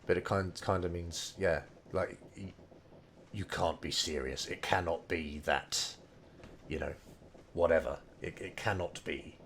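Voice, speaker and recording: A man's voice: low-pitched, unhurried, a bit bright, slight background noise. A man explaining game dialogue line by line, thinking aloud with lots of hedging and fillers. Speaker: language learning streamer.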